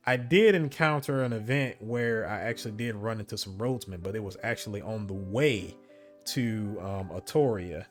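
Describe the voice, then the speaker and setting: A man reading the narration of an interactive story game aloud, breaking off for casual asides about his choices. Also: mid-range voice. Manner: steady storybook reading broken by casual asides and laughs at slips. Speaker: game streamer.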